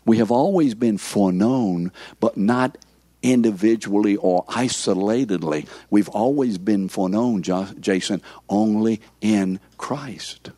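A man's voice: on the low side, unhurried, mellow, no echo. A man in his seventies, a pastor giving an interactive sermon who keeps asking the congregation questions.

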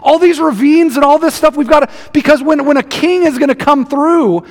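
Male preacher with a high voice, casual and lively, acts out the verses; long room reverb. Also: brisk. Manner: conversational, animated, acts out scripture quotes. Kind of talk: sermon.

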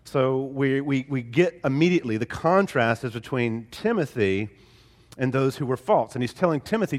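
A man's voice: mid-range voice, animated, brisk, in a large hall. A male pastor preaching a sermon, emphatic and building on repeated phrases.

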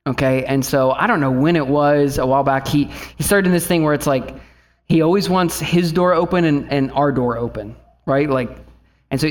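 A man's voice: medium pitch, steady tone, a little slow. A man in his thirties, a pastor preaching an earnest sermon and telling a family story, rising at times to fervent appeals.

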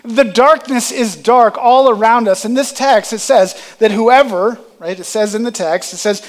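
A man with a fairly high voice preaches a sermon at an unhurried pace with few pauses. He calls out to his congregation, building emphasis and drawing call-and-response from the audience.

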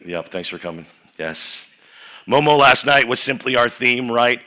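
A young man preaching at a youth rally, energetic and playful, leading the crowd in chants, his voice a little worn. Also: on the low side, moderate pace. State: voice a bit worn. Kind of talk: sermon with crowd call-and-response.

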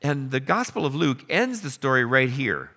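A man preaching a sermon, telling the story with animated questions and acted-out lines. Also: medium pitch, moderate pace, husky. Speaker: pastor.

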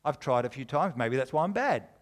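A man's voice: medium pitch, animated, brisk. A middle-aged man preaching a sermon, conversational and jokey but driving home his points with emphasis. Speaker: pastor.

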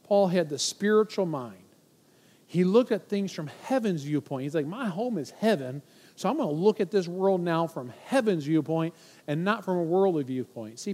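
A man in his forties preaching a sermon as pastor, animated and playful, acting out worried voices to make a point. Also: high-pitched, big-room sound. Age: 40s.

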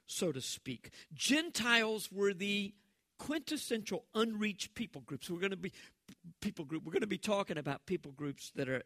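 A male pastor delivers a sermon in a high, bright voice. He talks to the congregation like a conversation and lively acts out the voices he quotes. The sound is close and dry. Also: dry recording.

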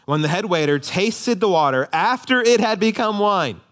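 A male pastor delivering a sermon in a somewhat higher-pitched voice. He drives his points home by repeating short phrases in a rhythmic preaching cadence. Every so often he eases into a light, joking aside before returning to the message. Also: expressive, normal speed, a bit bright.

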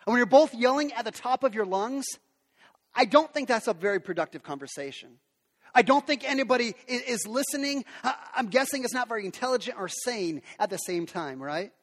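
A man's voice: extremely high pitch, lively intonation, brisk, fairly bright tone. A man preaching a sermon to parents in an earnest, conversational way. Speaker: pastor. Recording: long reverb of a large hall.

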